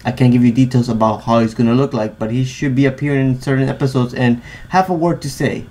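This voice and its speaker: A man co-hosting a podcast in casual chat, excitable and tripping over his words. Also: medium pitch, fast. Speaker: podcast co-host.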